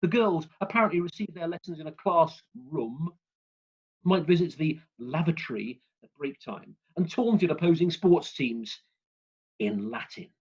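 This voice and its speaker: A man giving a humorous prepared speech over a video call, in a dry, wry, deadpan way. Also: fairly high pitch, a little slow, breathy edge, highs cut off. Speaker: club speaker.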